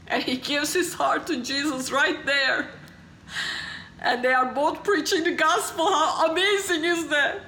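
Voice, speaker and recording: A woman preacher with a very high, bright voice delivers a sermon slowly and passionately. She drops to hushed tones, then rises to exclaiming and laughing through tears. The recording is in an echoey room. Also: steady tone, slight background noise. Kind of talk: sermon with testimony storytelling.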